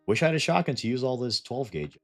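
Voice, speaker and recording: Very animated and talking fast, this Canadian streamer has a medium-pitched, fairly bright voice and a Canadian accent. He gives casual gameplay commentary, laughing a lot and cursing when startled, over soft background music.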